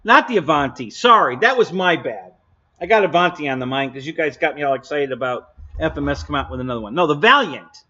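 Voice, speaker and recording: Guy hosting a live stream, blunt and opinionated, laughs a lot, sharp bright voice, kinda dull lo-fi audio. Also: on the high side, lively intonation, fast. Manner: blunt, opinionated, laughs often, answers chat. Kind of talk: casual live-stream chat.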